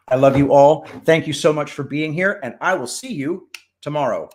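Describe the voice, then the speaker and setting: A man's voice: on the high side, normal speed. A man hosting a casual livestream, chatting with viewers, greeting them by name and telling jokes. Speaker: livestream host.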